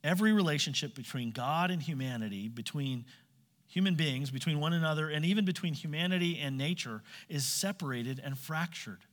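A man's voice: a little high, a little fast. A man preaching a sermon, asking his listeners direct questions and acting out quoted voices. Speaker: pastor. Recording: long hall reverb.

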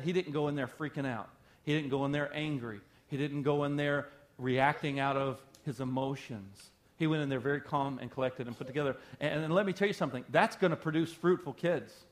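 A man's voice: a little high, a little fast. A middle-aged male pastor preaching a sermon in a conversational, emphatic way, often asking rhetorical questions.

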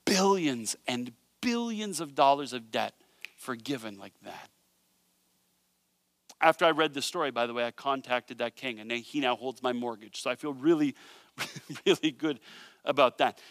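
A man preaching a sermon, retelling a parable in an animated storytelling way with joking asides. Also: medium pitch, moderate pace, dry recording. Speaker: pastor.

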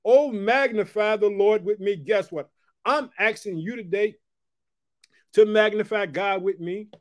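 Fervent high-voiced man preaching. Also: a little slow, dry recording, clean studio sound. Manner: fervent, repetitive call-and-response asides. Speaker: podcast preacher. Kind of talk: preaching podcast sermon.

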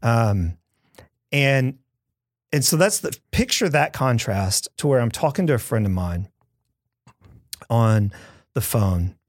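Earnest gravelly pastor telling stories. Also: male voice, mid-range voice, animated, takes it slowly, long pauses, no echo, studio quality. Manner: earnest storytelling, heartfelt and emphatic. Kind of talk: conversational podcast talk.

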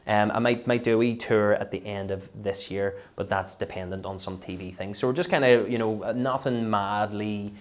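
A Northern Irish comedian in a casual podcast interview, rambling and self-deprecating, full of fillers and restarts. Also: male voice, fairly low pitch, fairly even intonation, moderate pace, hardly any pauses. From Northern Ireland. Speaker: comedian guest.

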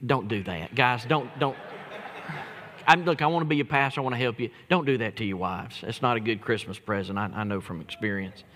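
Pastor preaching, folksy storyteller, emphatic, mid-pitched man, long church reverb. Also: a little fast, a bit bright. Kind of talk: sermon with jokes.

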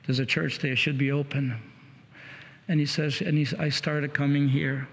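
A man preaching, retelling another man's conversion story in a halting, repetitive way, with many restarts. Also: a little high, little pitch movement, vocal fry. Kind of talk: sermon storytelling. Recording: long hall reverb.

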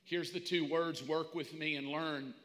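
A male pastor preaching a sermon emphatically, moving from shouted declarations to hushed asides. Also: on the high side, steady tone, measured pace. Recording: long hall reverb.

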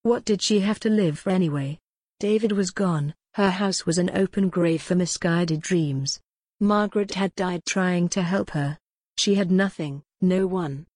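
A woman narrating a novel in a measured, even way. Her voice is low. The recording is dry and close. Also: no echo. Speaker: audiobook narrator. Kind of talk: scripted narration.

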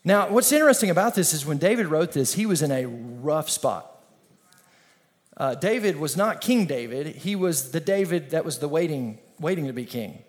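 A man pastor preaching an energetic, conversational sermon with call-and-response. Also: on the high side, normal speed.

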